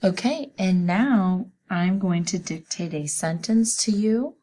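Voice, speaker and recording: Slow, patient woman teaching spelling. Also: medium pitch, warm tone. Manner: slow, patient, sounds out letters one by one. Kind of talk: spelling lesson for children.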